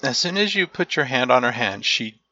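A man narrating as game master of a tabletop game, unhurried and searching aloud for the right words. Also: medium pitch, lively intonation, bright, forceful tone, no echo, muffled recording.

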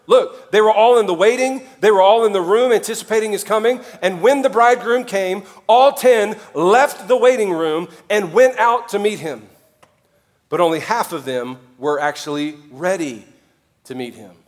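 A male pastor preaching a sermon, animated, with sudden drops to quiet and jokey asides in put-on voices. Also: high-pitched, moderate pace.

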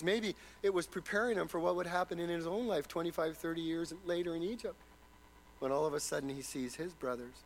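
A man's voice: on the high side, a little fast, slight background noise, poor audio. A man preaching a sermon, retelling a story dramatically and posing rhetorical questions.

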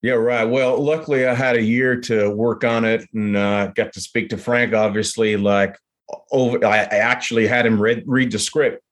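A man's voice: mid-range voice, steady tone, normal speed. A man with an Australian accent, an actor talking casually in an interview, with plenty of fillers and restarts. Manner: rambling, lots of fillers and restarts. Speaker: actor guest.

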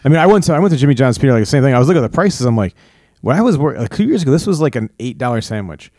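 A man's voice: medium pitch, dry recording, studio quality. A man co-hosting a casual podcast chat, griping and swearing about prices. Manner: rapid, lively, swearing complaints. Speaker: podcast co-host.

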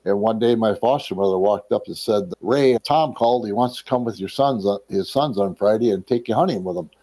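A middle-aged man from Wisconsin telling his life story as a testimony, animated and acting out the people he quotes. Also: lowish voice, fairly quick. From Wisconsin, USA. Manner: animated storyteller who acts out quoted people and often clears his throat.

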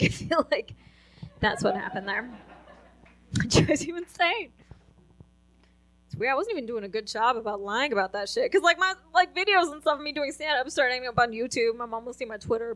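A woman's voice: a little high, brisk, fairly bright tone. A young woman doing a stand-up set on a club stage, brash and profane, laughing at her own jokes. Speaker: stand-up comedian.

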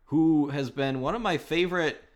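A man's voice: a little high, moderate pace. A man hosting a podcast, chatting casually and wryly picking apart a film. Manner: wry, sarcastic movie critique. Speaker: podcast host. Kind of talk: casual chat.

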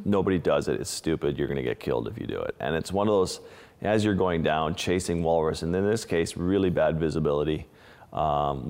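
A man's voice: low voice, a little mellow, in a large hall. A man, an underwater photographer, telling stories of close calls in an interview, with frequent restarts and vivid retelling. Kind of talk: storytelling interview.

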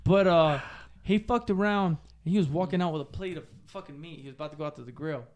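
A man's voice: on the high side, fast, a little mellow. A young man co-hosting a podcast, chatting casually and telling profane, rambling stories. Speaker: podcast co-host.

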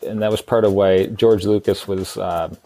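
A man's voice: on the low side, fairly even intonation, moderate pace, warm tone, faint music behind. A man co-hosting a podcast in casual chat, hesitant and full of fillers. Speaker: podcast co-host.

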